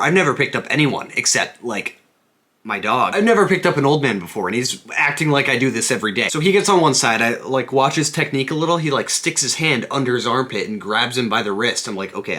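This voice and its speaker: A man's voice: mid-range voice, fairly bright tone. A young man telling a funny story in a casual vlog, joking and self-deprecating. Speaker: vlogger.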